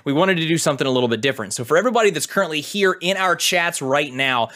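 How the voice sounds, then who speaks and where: A man's voice: on the high side, animated, very fast, bright, forceful tone. A young man co-hosting a livestreamed podcast, telling stories in a casual, rambling way with lots of fillers. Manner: rambling, filler-heavy storytelling. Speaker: podcast co-host.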